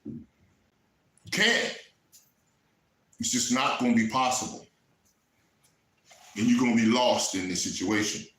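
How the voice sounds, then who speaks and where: A man's voice: mid-range voice, moderate pace, pauses often. Fervent preacher man in an echoey room. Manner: fervent, rising to shouts, then softening into emotional asides. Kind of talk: sermon.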